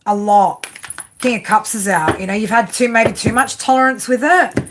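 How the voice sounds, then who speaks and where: A woman's voice: fairly high pitch, moderate pace, background noise. A woman giving a live tarot reading, talking in a rambling way with lots of fillers and tag questions. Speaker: tarot reader.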